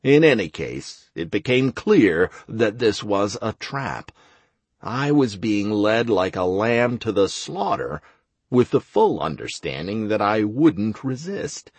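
A man narrating a fantasy audiobook in the first person, with wry, expressive storytelling. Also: fairly low pitch, slow pace, breathy edge, no echo.

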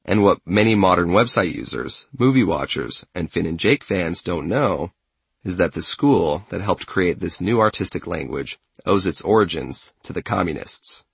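A man reading a scripted essay narration in a measured way, with a husky, gravelly voice. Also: low voice, expressive, a bit bright, no room sound.

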